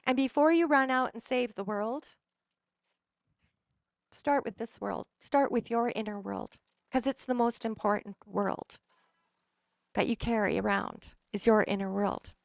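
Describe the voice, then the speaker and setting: With a rather high voice and vocal fry, a middle-aged holistic practitioner speaks unhurriedly with long pauses, giving an earnest, emphatic motivational talk to a live audience and often restarting her sentences. There's no echo.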